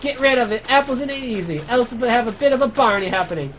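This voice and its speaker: A man voicing a cranky, quarrelsome male dolphin in a put-on Australian accent, full of rough slang. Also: extremely high pitch, expressive, fast, a bit bright, slight background noise, voice pushed up. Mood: grumpy.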